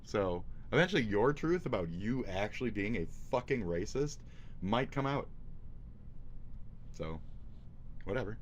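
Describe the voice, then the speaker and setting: A man streaming live, giving casual reaction commentary in a mocking, profane and excitable way. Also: fairly low pitch, a little slow, long pauses, highs cut off, a little hiss or hum.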